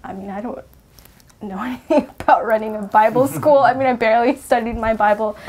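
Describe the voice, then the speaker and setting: A young woman who runs a Bible school, giving an excited testimony. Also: a little high, fairly quick, slight background noise. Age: young adult. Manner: bubbly, excited. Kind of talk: testimony interview.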